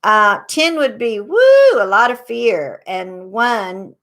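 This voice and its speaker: A woman hosting a psychic advice show, guiding listeners through a tapping meditation with slow, soothing instructions. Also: mid-range voice, pushed and bright.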